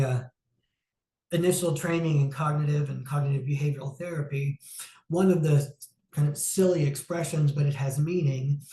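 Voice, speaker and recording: A man giving an informal, reflective talk on mental health, conversational and pausing with frequent "um"s. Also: on the high side, warm tone. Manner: reflective, conversational, acts out inner self-talk; frequent "um" pauses. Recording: roomy echo.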